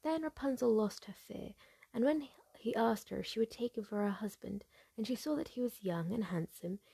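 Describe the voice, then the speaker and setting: A woman reading a fairy tale aloud in a soft, breathy whispered role-play, gentle, slow and hushed. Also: on the high side, no room sound. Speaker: storyteller.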